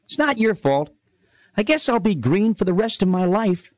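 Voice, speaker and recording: A man voicing a worried young female sheep in a children's story, in a high, earnest, pleading voice. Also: very animated, moderate pace, dry recording. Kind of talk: storybook character voice.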